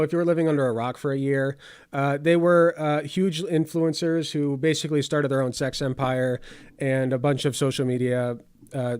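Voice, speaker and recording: A man's voice: on the high side, a little mellow, clear, resonant tone, dry recording, clean studio sound. A man hosting casual political commentary over clips, sarcastic and rambling with many fillers.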